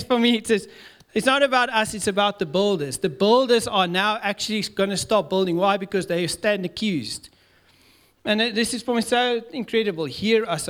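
A man with a South African accent preaching a lively sermon in church, laughing often and acting out the voices of people in the story. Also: high-pitched. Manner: lively, laughing, mixes in Afrikaans words, acts out dialogue. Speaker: pastor.

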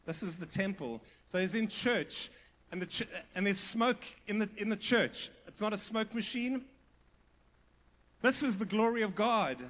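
High-voiced pastor preaching. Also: male voice, a little slow. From South Africa. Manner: earnest preaching with sudden drops to hushed emphasis; conversational, with asides and restarts. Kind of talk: sermon.

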